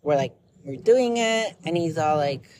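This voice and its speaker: A woman's voice: low voice, animated, measured pace, noisy background. A young woman talking candidly in a personal vlog, rambling and blunt, with lots of filler words and an emotional, confessional manner. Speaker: vlogger.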